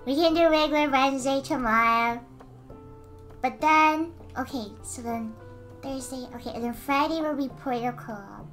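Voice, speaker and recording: A woman streaming casually while she draws, answering chat, giggly and given to excited squeals. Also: sits high, normal speed, faint music behind. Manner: responds to chat messages.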